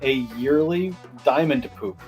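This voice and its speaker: A man co-hosting a comedy podcast, dropping deadpan jokes into the chat. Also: a little high, unhurried, faint music behind. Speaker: podcast co-host. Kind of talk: casual chat.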